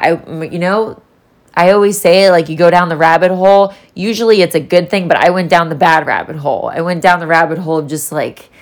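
Low-voiced woman rambling candidly. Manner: rambling, candid, swears freely. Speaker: vlogger. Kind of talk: casual solo vlog talk.

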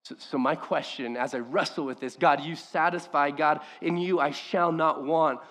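A man preaching a sermon with passion, his voice sitting a little high for a man. He swings from loud, emphatic bursts down to quiet, hushed lines. The sound carries a long reverb from a large hall. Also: fairly even intonation, moderate pace. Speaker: pastor.

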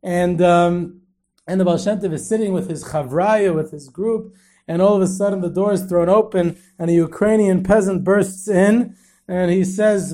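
A man hosting a history podcast, telling stories in a lively way and sprinkling in Yiddish and Hebrew terms. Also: sits high, normal speed. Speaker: podcast host and tour guide.

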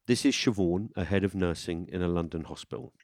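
Measured male documentary narrator. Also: sits low, darkish tone, dry recording, clean studio sound. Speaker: radio documentary presenter. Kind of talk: scripted narration.

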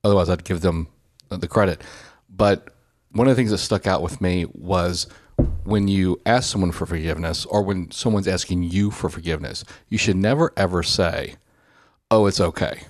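A man's voice: deep voice, normal speed, hardly any pauses, dry recording, studio quality. A man hosting a parenting podcast, leading a quiz segment with playful, thoughtful asides. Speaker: podcast host.

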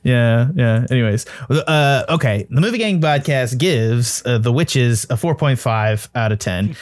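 Laughing, rambling young podcast host. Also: male voice, mid-range voice, expressive, unhurried. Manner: rambling, swearing, laughing often. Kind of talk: casual film review chat.

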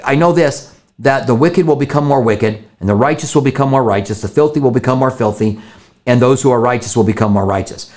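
A man's voice: medium pitch, darkish tone. A man, a pastor earnestly answering viewer questions in a conversational teaching style, often repeating words for emphasis.

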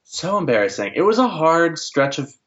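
A podcast co-host sharing film trivia in casual chat, relaxed, with many fillers. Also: medium pitch, moderate pace, lo-fi sound.

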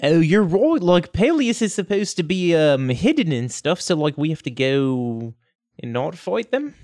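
A man playing a tabletop game, playful and quick to laugh. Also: a little high, sing-song, a little mellow, no echo, clean studio sound. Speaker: player. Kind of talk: casual tabletop play.

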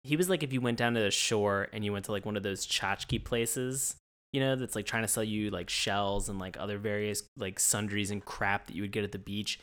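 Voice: low voice, fairly even intonation, fairly quick, a bit bright. A podcast co-host chatting casually, rambling through a jokey retelling with many filler words. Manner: rambling, filler-heavy joking. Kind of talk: casual chat.

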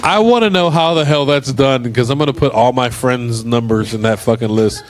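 A man's voice: mid-range voice, moderate pace. A man co-hosting a late-night call-in stream, joking and swearing. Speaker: co-host. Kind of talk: casual banter.

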